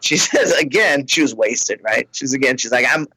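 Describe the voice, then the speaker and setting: A man's voice: mid-range voice, animated, normal speed, pushed and bright, breathy edge, no room sound, rough recording. A man and comedian telling a story in a rambling, self-mocking way, laughing between lines. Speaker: comedian, podcast host. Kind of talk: casual storytelling.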